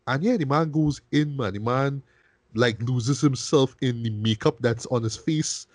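Animated man in casual film review chat. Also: mid-range voice, moderate pace, no echo. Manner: animated, profane, keeps asking "right?"; restarts and repeats words. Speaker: film review podcast host.

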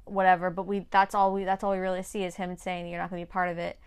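A woman co-hosting a casual TV recap chat, talking fast and overlapping with many fillers. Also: on the low side, monotone, smooth. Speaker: podcast co-host.

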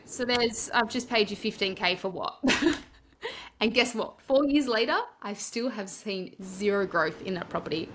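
An Australian woman talks as a podcast guest with a bright, forceful tone. She rambles cheerfully through her story and voices her own past thoughts aloud. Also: fairly high pitch, normal speed, a little hiss or hum. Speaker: podcast guest, property coach. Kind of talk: casual storytelling interview.

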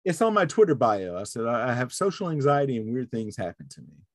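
A man's voice: mid-range voice, big pitch swings, fast, dry recording, clean studio sound. A man hosting a podcast, telling a story in casual chat and acting out the voices of the people in it. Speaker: podcast host.

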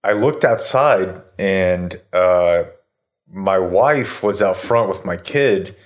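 A man's voice: low-pitched, slow pace. A man in his thirties telling a story in casual chat, rambling with lots of fillers and swearing. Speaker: podcast host telling a story.

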